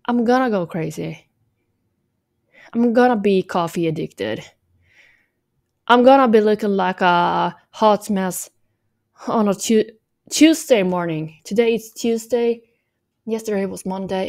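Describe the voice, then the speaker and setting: Slow-talking tired woman in a joking vlog. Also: mid-range voice, vocal fry, a little mellow. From Norway. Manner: joking, self-mocking, mock valley-girl drawl. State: a little tired. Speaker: vlogger. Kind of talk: rambling ironic vlog chat.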